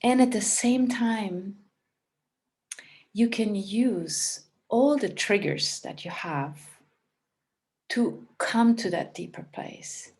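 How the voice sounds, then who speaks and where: A woman giving a calm, reflective spiritual talk as a teacher. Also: mid-range voice, slow pace.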